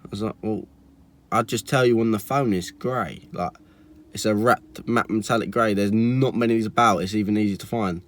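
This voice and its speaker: Young man, casual storytime vlog, rambling and fed up, lowish pitch. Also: moderate pace. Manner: chatty, exasperated, full of likes and restarts. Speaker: car vlogger.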